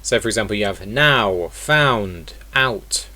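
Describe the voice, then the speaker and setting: A man's voice: lowish voice, animated, takes it slowly, pushed and bright. A man teaching an online lesson in a casual way, explaining step by step and repeating example words. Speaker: accent teacher.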